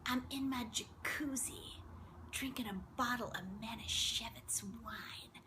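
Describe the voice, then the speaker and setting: A creepy young man murmurs down the phone line in a hushed, breathy whisper, leering and suggestive, as a woman puts him on. The voice stays low and close. It sits well below her normal speaking level. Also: fairly even intonation, measured pace.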